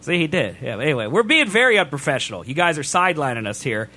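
Lively bright-voiced streamer man. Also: a little high, quick pace. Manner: playful, laughs often, talks to chat. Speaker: stream co-host. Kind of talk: casual livestream banter.

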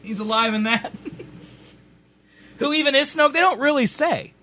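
Man, high voice, excitable stream co-host, laughs easily. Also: measured pace, no room sound. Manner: excitable, laughs a lot, acts out silly dialogue. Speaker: show co-host. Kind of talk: casual chat while gaming on stream.

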